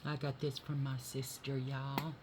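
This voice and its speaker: A woman's voice: a bass voice, flat delivery, measured pace. A woman doing her makeup on camera and chatting to viewers, telling rambling stories from her day in a homey, friendly way. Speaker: beauty vlogger. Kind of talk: chatty makeup tutorial with storytelling. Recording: noisy home recording.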